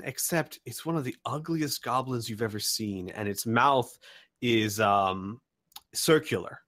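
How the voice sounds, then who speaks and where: A man's voice: medium pitch, animated, slow, bright, forceful tone, dry recording, clean studio sound. A man narrating as game master, describing scenes with many ums and restarts. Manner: rambling narration with many fillers.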